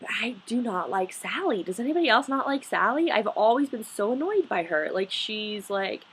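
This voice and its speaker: A young woman from Colorado chatting casually to camera in a home vlog, bubbly and gushing with quick asides. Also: on the high side, lively intonation, fairly bright tone, slightly rough. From Colorado, United States. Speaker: vlogger. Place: home bedroom.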